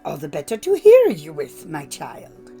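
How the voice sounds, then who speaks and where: A woman voicing a sly, hungry male wolf in a storybook, speaking low and hushed. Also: wildly swooping pitch, a little slow, soft background music, exaggerated voice.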